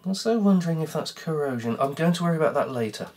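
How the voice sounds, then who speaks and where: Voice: medium pitch, lively intonation, racing, few pauses, a little mellow, slight background noise. A vlogger muttering sarcastic, grumbling commentary to themselves while taking apart a device at an indoor workbench. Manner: sarcastic, grumbling self-talk. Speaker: electronics repair vlogger.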